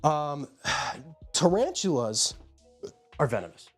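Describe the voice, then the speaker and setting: Soft music plays as a man with a fairly high voice talks slowly but very animatedly on a live stream. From a room at home, he rambles casually, greets viewers by name, and shows his pet enclosures.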